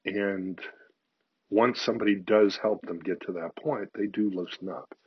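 An older man with a low, husky voice delivers a frank, candid monologue about his personal views, speaking a little slowly. He's confessional, swears casually, and sinks to almost a whisper when telling stories. The recording is dull, lo-fi and dry, with no room sound.

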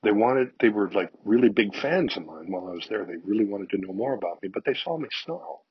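A man's voice: fairly low pitch, lively intonation, fairly quick, slightly rough. An older man giving a frank, confessional monologue, swearing casually and sometimes dropping to a near-whisper. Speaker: speaker sharing personal views. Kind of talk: candid personal monologue. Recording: dull lo-fi, dry sound.

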